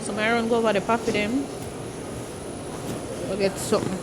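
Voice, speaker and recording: A woman's voice: medium pitch, level tone, moderate pace, background noise. Chatty woman vlogging outdoors. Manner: chatty, keeps calling out to her viewers. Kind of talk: casual vlog chat.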